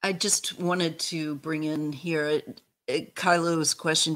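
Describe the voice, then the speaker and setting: A woman hosting a casual livestream chat, gentle and unhurried, reading viewer comments aloud. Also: deep voice, level tone, a little hiss or hum. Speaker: host.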